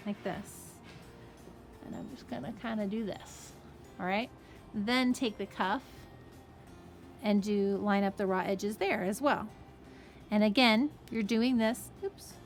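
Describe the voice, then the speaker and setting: A woman who runs a fabric shop, explaining a sewing project in a chatty, casual way and checking in with "okay?" as she goes. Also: mid-range voice. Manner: chatty, friendly asides, frequent "okay?" and "right?".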